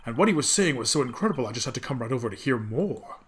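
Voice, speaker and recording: A man reading the lines of a friendly, smooth-talking male detective in a courtroom game. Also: mid-range voice, sing-song, rapid-fire, a bit bright. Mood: eager.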